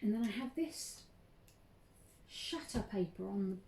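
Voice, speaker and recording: A woman's voice: mid-range voice, expressive, slow, a little mellow, slight background noise. A chatty, bubbly young woman who laughs a lot and says "um" often, hosting a casual crafting tutorial vlog. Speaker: craft channel host.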